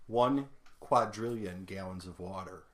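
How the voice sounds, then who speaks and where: A man's voice: low-pitched, measured pace. Jokey man chatting among friends. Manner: jokey, drifts between topics, swears casually. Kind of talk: casual chat.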